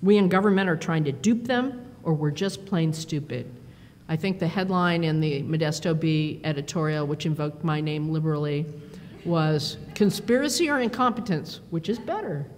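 A middle-aged woman giving a conference keynote, telling stories in an animated, self-deprecating way with quick asides. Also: deep voice, a little hiss or hum. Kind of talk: storytelling speech. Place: performance hall. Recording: long hall reverb, faint ambience.

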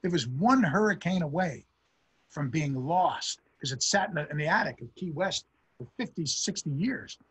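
Husky-voiced man telling history anecdotes. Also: fairly high pitch, normal speed. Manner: lively storyteller, acts out quotes in a raised voice. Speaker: historian giving a public lecture. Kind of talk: anecdotal storytelling lecture.

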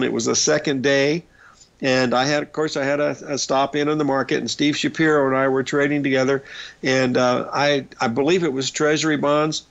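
A man's voice: mid-range voice, creaky. An older man hosting a market radio show, rambling through trading anecdotes with plenty of fillers. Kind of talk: casual storytelling on a market show. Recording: dull lo-fi broadcast audio.

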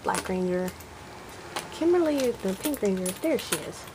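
In a medium pitch with lively intonation and normal speed, she chats nostalgically about her old toy collection in a casual show-and-tell at home, thinking aloud as she goes. Noise runs through the home recording.

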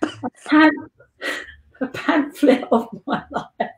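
High-voiced chatty London woman in echoey room. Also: extremely slow. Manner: chatty, giggly storyteller who jumps between tangents. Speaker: guest and life model. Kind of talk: rambling anecdotal chat. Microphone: video call. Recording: echoey room on a live stream.

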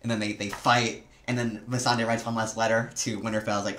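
A man's voice: fairly low pitch, flat delivery, fast, a bit bright, slight background noise. A young man co-hosting a casual chat, rambling and full of "like" and "um". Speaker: co-host.

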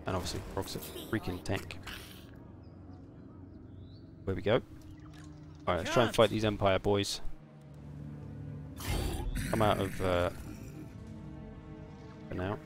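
A man's voice: sits low, fairly even intonation, takes it slowly, long pauses, music in the background. A man casually commenting on his game stream, chatting and swearing while answering viewers.

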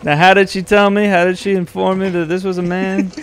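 A man's voice: sits high, a little fast, slight background noise. A man co-hosting a gaming video, telling absurd jokes in a dry way and laughing often. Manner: joking, deadpan absurd storytelling, laughs often. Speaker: gaming co-host. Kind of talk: casual let's-play commentary.

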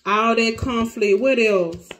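A woman's voice: on the high side, slow, slight background noise. A woman with giving a casual, emotional tarot reading to her viewers, close to tears. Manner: emotional, dramatic, talks to cards and viewers. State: near tears. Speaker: tarot reader.

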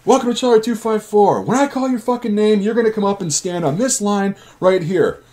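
Guy doing a yelling drill sergeant, high strained shouts, cussing. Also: a little fast, close to an everyday voice. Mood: barking. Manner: shouted profane orders. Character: yelling male army drill sergeant, harsh.

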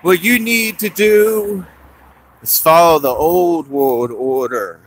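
A man voicing a preachy man at a bar who lectures slowly and loftily about following old traditions. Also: fairly high pitch.

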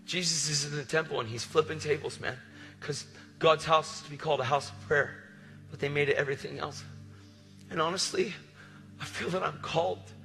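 Passionate preacher in an echoing hall. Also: male voice, a little high, creaky. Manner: passionate, swinging between loud declarations and hushed storytelling. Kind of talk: sermon. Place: large hall with long reverb. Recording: live sermon in reverberant hall.

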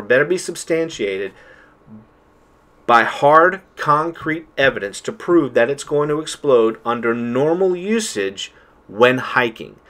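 A man's voice: medium pitch, fairly bright tone. Male host, fired-up rant, scolding his audience, mid-range voice. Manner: emphatic, lecturing, worked up. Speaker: channel host. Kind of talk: heated monologue to viewers.

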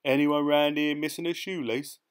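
A man's voice: a little high, steady tone, moderate pace, pitched above the performer's own voice, lightly acted. A man doing a cocky pickpocket. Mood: smug teasing. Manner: boastful, cheeky, slangy. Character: cocky boastful male London pickpocket, sly. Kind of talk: audiobook character voice.

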